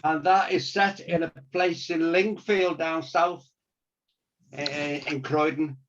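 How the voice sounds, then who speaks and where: A man's voice: a little high, steady tone, takes it slowly, slight background noise. A man, an illustrator, telling a long chatty anecdote over a video call and acting out the voices of the people in it. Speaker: storyteller and illustrator. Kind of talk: casual storytelling on a video call. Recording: dull lo-fi video call audio.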